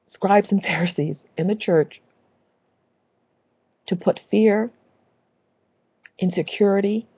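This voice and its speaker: A woman's voice: mid-range voice, breathy edge, no echo, highs cut off. A woman delivering an impassioned, preachy religious rant, repeating phrases for emphasis. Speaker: Christian video blogger.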